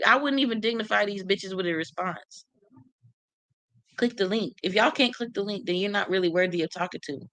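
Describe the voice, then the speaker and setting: Reading live comments on her casual stream, a woman who speaks AAVE talks trash, cussing a lot and answering commenters in a blunt, brash way. Her voice is medium-pitched and a bit bright, recorded close and dry with no echo.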